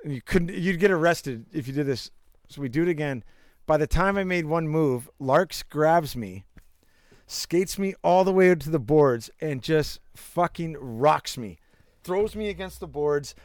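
A man's voice: a little high, expressive, a little slow, dry recording. A young man in casual chat, telling rambling anecdotes with bursts of laughter and crude jokes. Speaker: storyteller.

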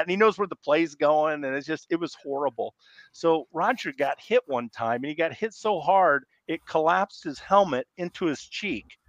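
Middle-aged iowa guy on a podcast, rambling animated stories, dry slightly dull studio sound. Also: a little high, brisk, no echo. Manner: rambling, animated, acts out coaches yelling. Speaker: podcast guest, former college football player. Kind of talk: casual storytelling interview.

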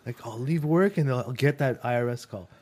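A man's voice: mid-range voice, moderate pace, a little mellow. A man bantering with friends, teasing and cracking jokes. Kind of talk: casual banter among friends.

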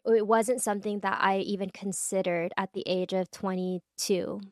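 A woman in her late twenties co-hosting a podcast, speaking calmly and deliberately in casual chat. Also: mid-range voice, no echo, studio quality. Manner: listens with soft mm-hmms, speaks calmly and deliberately. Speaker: podcast co-host.

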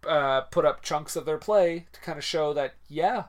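A man's voice: fairly high pitch, moderate pace. A man co-hosting a podcast, chatting casually about a film in a rambling way with lots of fillers. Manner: relaxed, rambling, hesitant with fillers. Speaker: podcast co-host. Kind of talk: casual film-discussion chat.

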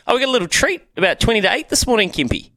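A man's voice: high-pitched, big pitch swings, racing, sharp tone, no echo. A man hosting a morning radio show, upbeat as he runs through the lineup. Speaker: host.

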